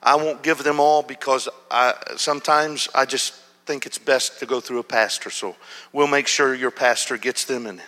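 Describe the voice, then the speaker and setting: A male pastor telling a story in a sermon, animated, acting out shouts and whispers. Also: mid-range voice, normal speed. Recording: long hall reverb.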